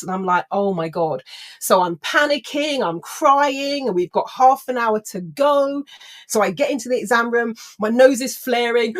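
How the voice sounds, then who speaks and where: A woman, a personal development trainer telling a story to an audience, acting out the voices of people in it. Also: a little high. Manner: animated, acts out voices of people in her story.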